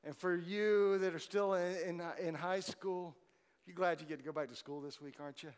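A pastor with a high voice preaches to his congregation in a relaxed, chatty way, dropping in jokes as he goes. His voice rings with the long reverb of a church hall. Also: normal speed, clean tone. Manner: conversational, joking asides to the congregation. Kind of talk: sermon.

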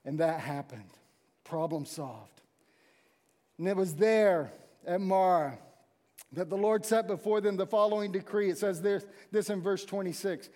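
A man delivers a sermon in a chatty, animated way, slipping into the voices of the people in his story. His voice sits high for a man. It rings out with the long echo of a large hall. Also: measured pace. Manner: conversational, animated storytelling with acted-out quotes. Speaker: pastor.

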